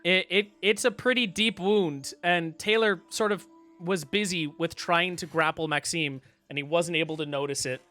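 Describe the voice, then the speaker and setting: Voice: medium pitch, steady tone, normal speed, sharp tone, faint music behind. A game master narrating a tabletop game and explaining rules in a casual, patient way.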